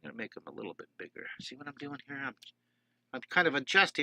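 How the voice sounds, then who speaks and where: A man's voice: medium pitch, sing-song, fast talker, sharp tone, no echo, rough recording. An older man, an enthusiastic drawing teacher, chatting with viewers and greeting them by name during a live-streamed lesson.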